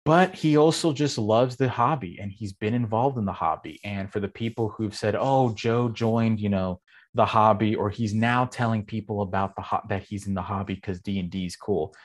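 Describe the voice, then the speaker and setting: A man's voice: lowish voice, fairly quick, hardly any pauses. A man talking in a casual podcast chat, rambling with many fillers and telling stories with animation. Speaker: game master and guest.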